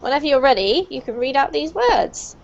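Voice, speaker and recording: A woman's voice: high voice, very animated, brisk, creaky, slight background noise. A woman teaching English pronunciation to an online group class, encouraging and praising her students. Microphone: video call. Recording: muffled lo-fi video call audio.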